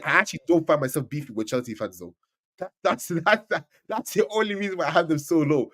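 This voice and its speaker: An animated man, his fairly high voice leaping up and down as he talks. He chats about football in a loose, excitable way, often tripping over his words and restarting. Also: fast. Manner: animated, stammering restarts, swings loud and soft. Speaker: podcast co-host. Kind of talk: casual football chat.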